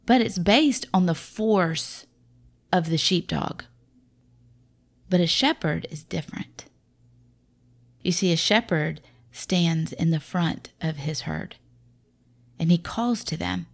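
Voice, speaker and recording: Lower-voiced Southern woman giving a homespun devotional. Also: slow, creaky, pauses often. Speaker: Christian mother sharing parenting devotional. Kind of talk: casual devotional talk.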